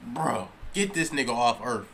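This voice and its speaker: Bright, jumpy guy cursing through a reaction, brief: loud incredulous streamer. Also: medium pitch, lively intonation, normal speed, vocal fry, faint music behind. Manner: profane, incredulous outbursts. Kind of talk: casual reaction commentary.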